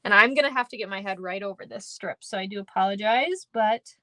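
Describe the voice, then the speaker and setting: A woman's voice: medium pitch, fairly quick, sharp tone, a little hiss or hum. A woman running a live card-making tutorial, chatty and upbeat, thanking viewers by name as she works. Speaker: papercraft demonstrator. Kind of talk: live-stream craft tutorial.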